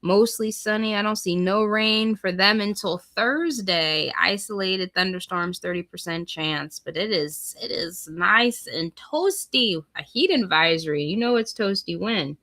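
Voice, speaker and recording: This is a woman hosting a relaxed livestream. She takes her time, drawing her words out while she reads weather forecasts aloud and chats directly with her viewers. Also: medium pitch, a little slow, few pauses. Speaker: livestream host. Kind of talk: casual livestream chat.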